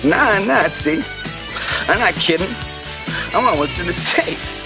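A man's voice: high-pitched, expressive, measured pace. An actor playing a coked-up male robber who makes insistent, repeated threats in a film scene. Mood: menacing. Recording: film clip with music underneath.

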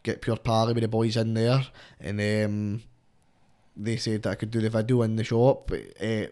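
A man's voice: on the low side, level tone, normal speed, warm tone. A young man with a Scottish accent, chatting casually as a guest rapper, rambling and swearing, with "mate" in nearly every line. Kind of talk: casual podcast chat.

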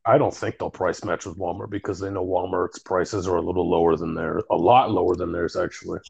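A man's voice: deep voice, flat delivery, a little fast, vocal fry, darkish tone, breathy edge, lo-fi sound. A young man in casual chat who retells stories through lots of quoted back-and-forth, swearing and laughing as he goes.

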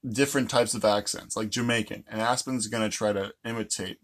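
A man's voice: on the low side, fairly even intonation, fairly quick, fairly bright tone. A man in casual, playful chat, laughing often while hosting a game. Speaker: co-host. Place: indoors, sitting on the floor.

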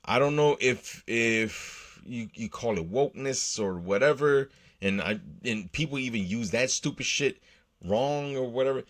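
A man's voice: mid-range voice, measured pace. A man hosting his own show, talking solo in a rambling, profane way, with many restarts and fillers. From United States. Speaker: podcast host. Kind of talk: casual solo monologue.

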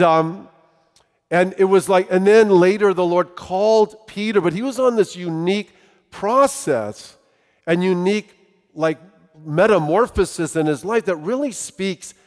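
Animated man preaching in a reverberant hall. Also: on the high side. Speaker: pastor. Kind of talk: sermon. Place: church sanctuary. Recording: long reverb of a large hall.

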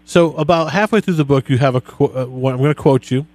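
A man hosting a podcast interview, talking in a relaxed, friendly way as he asks his guest questions. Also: medium pitch, fast talker. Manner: relaxed, friendly, reads quotes back to the guest. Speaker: podcast host. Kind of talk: conversational interview.

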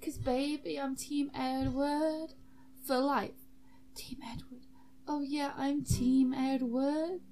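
A woman voicing an earnest, awkward bard who speaks hesitantly and croons drawn-out silly song lines. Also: sits high, dark tone, slight background noise. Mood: crooning.

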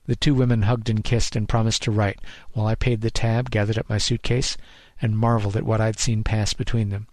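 A man, the author, reading his own first-person noir story in a measured, deadpan way. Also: fairly low pitch, no room sound.

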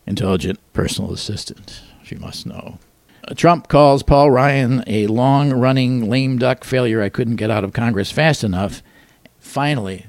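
Older guy doing deadpan joke news, gravelly lowish voice, dry close sound. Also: dry recording. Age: 60s. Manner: dry, wisecracking, mutters asides. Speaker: podcast host. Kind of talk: deadpan satirical news monologue.

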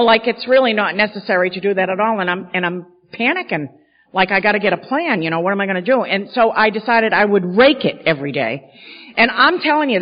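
Candid woman telling her story in an echoing hall. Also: mid-range voice. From Maine. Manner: candid, self-mocking storytelling, many "you know"s. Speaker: speaker sharing recovery story. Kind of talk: storytelling talk at a recovery gathering. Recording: dull sound in a big hall with long echo.

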